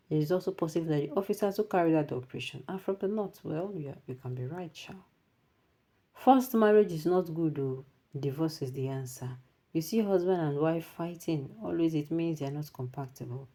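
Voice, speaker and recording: Her voice is deep, and her accent Nigerian, as she presents news commentary, blending Pidgin into spirited asides and reading viewers' comments on air.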